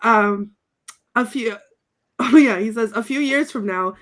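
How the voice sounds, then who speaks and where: Giggly high-voiced woman retelling film scenes. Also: unhurried. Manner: giggly, animated, acts out quoted lines. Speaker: podcast co-host reviewing a film. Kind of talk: casual chat, recounting scenes from notes.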